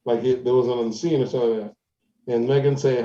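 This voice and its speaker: A man's voice: mid-range voice, little pitch movement, fast talker, warm tone, far from the mic. A man co-hosting a podcast, rambling through a story in casual chat. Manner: rambling storyteller, retells online arguments. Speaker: podcast co-host. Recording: roomy, dull lo-fi podcast audio.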